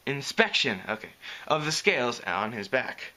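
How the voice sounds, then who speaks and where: A man reading a story aloud with a lively delivery, correcting small slips as he goes. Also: mid-range voice, normal speed. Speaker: reader. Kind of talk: reading fan fiction aloud.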